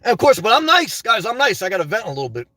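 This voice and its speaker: Speaking fast in a high, sing-song voice that sounds pushed and bright, a YouTuber rambles casually through stories and venting for his viewers. He laughs and keeps dropping "guys" asides; the recording has no room sound.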